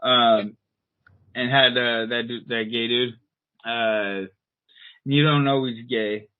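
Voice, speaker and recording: A man co-hosting a podcast in rambling casual chat, with an irritated throat and frequent throat clearing. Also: medium pitch, steady tone, slow pace, no room sound, phone-quality sound. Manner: rambling, filler-heavy, clears throat often. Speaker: podcast co-host.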